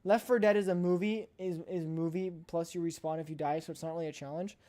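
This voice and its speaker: A woman's voice: on the low side, steady tone, quick pace, warm tone. A woman streamer chatting casually on a live stream, emphatic and playfully blunt, often repeating her points.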